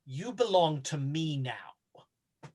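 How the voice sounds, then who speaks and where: A game master voicing a cold, commanding undead queen who speaks slowly and with menace in a tabletop game. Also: very animated, a little mellow, slight background noise, heavily acted. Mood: whispered threat. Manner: slow, low, menacing.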